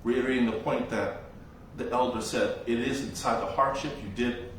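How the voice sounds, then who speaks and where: Man, buddhist monk teacher, slow reflective dharma talk, very echoey distant recording. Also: mid-range voice, fairly even intonation, a little hiss or hum. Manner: slow, reflective storytelling with long pauses. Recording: very echoey room, voice from far off.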